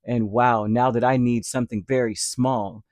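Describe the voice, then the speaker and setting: A man with a medium-pitched, steady, somewhat dark voice gives a casual tarot reading at a normal speed. He rambles, leans on lots of fillers, and keeps acting out short imagined quotes. The recording is dry and studio-clean.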